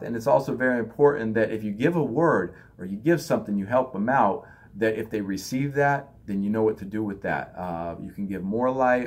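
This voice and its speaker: Man, husky and low, casual spiritual teacher who acts out other people's lines. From United States. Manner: loose, conversational, acts out others in raised voices. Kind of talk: spiritual talk.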